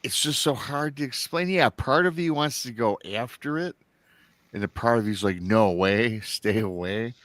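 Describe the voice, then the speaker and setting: A man's voice: mid-range voice, moderate pace, fairly bright tone, no room sound. A man hosting a casual podcast chat, stretching out emphatic words as he responds to a guest. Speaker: podcast host.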